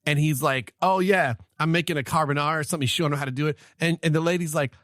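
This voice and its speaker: Brief: male podcast co-host, slightly high voice, animated and laughing, dry close sound. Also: racing, dry recording. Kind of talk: casual chat.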